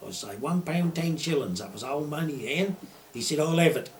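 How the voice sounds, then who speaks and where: A man's voice: on the high side, expressive, moderate pace, a little hiss or hum. Older Suffolk man spinning yarns. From Suffolk, England. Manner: broad rural dialect, acts out quoted dialogue. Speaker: retired poacher. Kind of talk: anecdotal storytelling.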